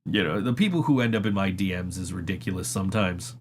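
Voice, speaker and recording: A man's voice: sits low, expressive, quick pace, slight background noise. Rambling, swearing man telling stories. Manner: rambling storyteller, swears often, laughs between stories. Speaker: podcast host. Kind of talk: casual chat.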